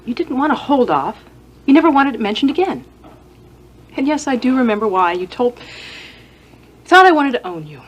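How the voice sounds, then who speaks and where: Skeptical young woman in an 80s soap. High, lively voice. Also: moderate pace, long pauses, husky, lo-fi sound, exaggerated voice. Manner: skeptical, sharp. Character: wary young woman, Clipper's girlfriend. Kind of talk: 1980s TV soap opera acting.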